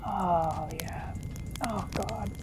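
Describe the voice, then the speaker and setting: A woman's voice: medium pitch, very slow, loud music behind the voice. A woman hosting a cooking show, mouth burning and eyes teary from chili, exclaiming and laughing between gasps in casual chat. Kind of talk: casual food challenge chat. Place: kitchen studio.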